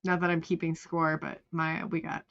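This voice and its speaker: A woman's voice: low-pitched, little pitch movement, moderate pace, gravelly. Giggly woman on a dull lo-fi line. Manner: giggly, chatty interjections. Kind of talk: casual chat.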